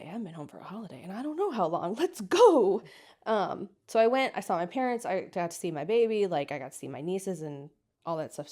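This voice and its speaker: A woman in her thirties from the United States, telling a personal story as an interview guest and acting out the people she quotes. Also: mid-range voice. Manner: lively storyteller, acts out quoted voices.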